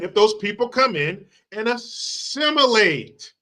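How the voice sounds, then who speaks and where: A male show host with a bright, forceful voice pitched a little high, ranting in a heated, sarcastic style. He swears freely and pushes his points hard. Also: animated, normal speed. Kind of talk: profane political rant.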